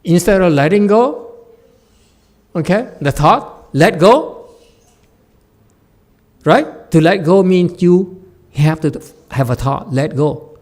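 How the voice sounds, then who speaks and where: A man, a Buddhist master, giving a Dharma lecture as an animated, joking storyteller who acts out the people in his story. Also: high-pitched, takes it slowly, pauses often. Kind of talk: sermon.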